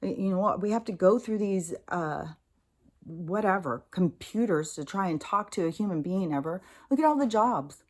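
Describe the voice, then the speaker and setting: A woman's voice: medium pitch, moderate pace. An American woman talking casually to camera as a spiritual vlogger, swearing freely as she vents and reflects. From United States. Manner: profane, ranting and animated. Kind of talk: casual spoken monologue.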